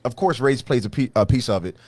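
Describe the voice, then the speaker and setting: A middle-aged man co-hosting a relaxed podcast, his voice rising and falling with real animation. He asks questions and laughs easily, and the recording is close and dry, with no room sound. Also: medium pitch, fast talker, dry recording. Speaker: podcast co-host. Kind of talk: casual chat.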